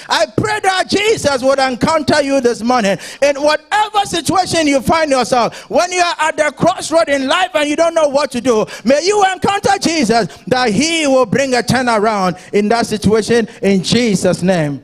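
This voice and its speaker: A man preaching a sermon as pastor, moving from speech into shouted and sung passages. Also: extremely high pitch, expressive, moderate pace, hardly any pauses.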